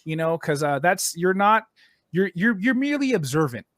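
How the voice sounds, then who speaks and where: A man's voice: high-pitched, very animated, normal speed, a bit bright, no echo. A man co-hosting a casual stream, ranting bluntly with a lot of profanity. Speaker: co-host.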